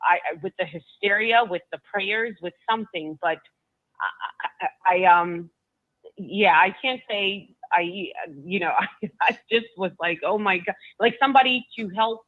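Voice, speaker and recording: A woman being interviewed, telling a personal story in a halting way, often restarting and repeating her words. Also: mid-range voice, no echo. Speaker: guest recounting a personal story. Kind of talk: emotional first-person storytelling. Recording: tinny phone-like line, dry.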